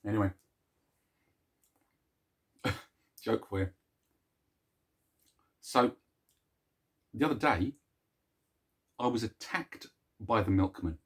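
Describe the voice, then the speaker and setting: A middle-aged man hosting a daily song video series, chatting casually to camera in a soft, chuckling, self-mocking way. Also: on the low side, lively intonation, slow pace, long pauses, husky.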